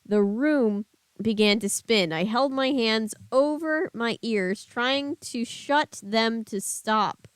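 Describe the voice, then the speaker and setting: A woman's voice: on the high side, takes it slowly, clean tone, dry recording. A woman streamer reading a book aloud and chatting casually with her live chat.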